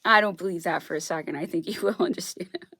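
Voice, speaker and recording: A woman's voice: fairly low pitch, fast, bright, forceful tone, no room sound, studio quality. A woman vlogger talking alone in a casual monologue, rambling and emphatic, often restarting and repeating herself.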